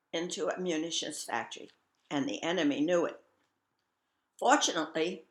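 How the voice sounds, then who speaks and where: Older woman reading her memoir, bright tone. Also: on the low side, roomy sound. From Scotland. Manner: reflective, with wry humor. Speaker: memoir reader. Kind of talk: reading a personal memoir aloud.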